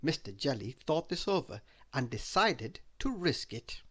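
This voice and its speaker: A man reading a children's bedtime story aloud, slow and expressive. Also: mid-range voice, breathy edge.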